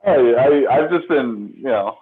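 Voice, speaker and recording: A man, a comedian guest, joking through deadpan absurd stories while calling in by phone to a casual chat. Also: medium pitch, a little slow, slightly rough. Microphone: phone on a video call. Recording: tinny phone-line audio.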